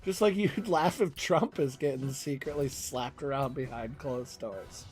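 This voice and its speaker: A man's voice: mid-range voice, a little slow, a little mellow, faint music behind. A young man streaming a game, chatting casually in a rambling, profane way and laughing often. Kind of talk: casual chat while gaming.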